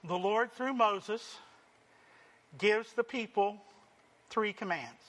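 A man whose voice sits high preaches a sermon and dramatizes the quoted lines. At times he's loud and emphatic, and at others he drops to hushed, drawn-out phrases.

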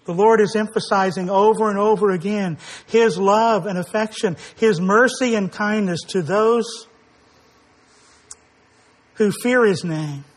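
A man's voice: high voice, unhurried. A man preaching a sermon, earnest and emphatic, stressing his words and sometimes acting out quoted speakers.

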